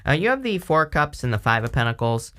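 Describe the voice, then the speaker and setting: A man's voice: medium pitch, sing-song, fast talker, sharp tone. Rambling male tarot reader, casual. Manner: rambling, many fillers and restarts. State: throat irritated by allergies.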